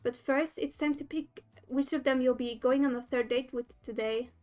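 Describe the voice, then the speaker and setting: A woman's voice: high-pitched, steady tone, normal speed, a little mellow, soft background music, lightly acted. A woman reading the lines of an upbeat host on a dating show in a game.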